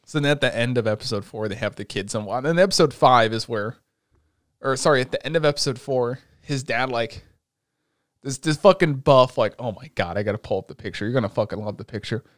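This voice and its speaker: A young man hosting a casual chat, retelling an anime with lots of swearing and excitable energy. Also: mid-range voice, a little fast, no room sound, clean studio sound. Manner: profane, excitable storytelling.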